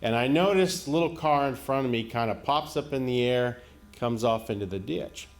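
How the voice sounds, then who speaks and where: A man from rural Florida, telling stand-up stories in a folksy, unhurried way and laughing into his punchlines. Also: mid-range voice. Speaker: stand-up comedian. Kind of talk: stand-up comedy storytelling. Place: comedy stage before a live audience. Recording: live show with audience noise.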